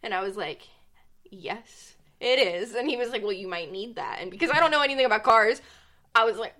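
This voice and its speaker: A woman's voice: on the high side, expressive, a little fast, sharp tone. A young woman co-hosting a podcast, telling a story in casual chat with lots of "like" and frequent laughter. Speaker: podcast co-host.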